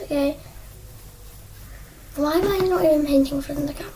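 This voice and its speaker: Young woman, high voice, rambling craft vlog, self-mocking, slips into whispers, faint background noise. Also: fairly even intonation, quick pace. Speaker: crafting vlogger. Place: indoors at a desk. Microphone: iPad propped on a stool.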